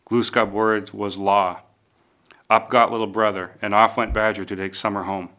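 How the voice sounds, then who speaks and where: Bright-toned male storybook narrator. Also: on the low side. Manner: measured, lively read-aloud storytelling.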